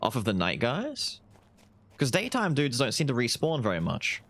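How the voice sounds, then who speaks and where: A man with a medium-pitched voice talks at a moderate pace while livestreaming a video game. His commentary is casual and excitable, and he swears and yelps whenever fights break out.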